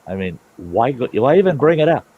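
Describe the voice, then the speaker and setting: A man's voice: medium pitch, big pitch swings, brisk, husky, lo-fi sound. A middle-aged man hosting a storytelling show, telling a story in a rambling, folksy way with plenty of cussing. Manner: folksy, rambling, salty-tongued. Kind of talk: casual spoken storytelling.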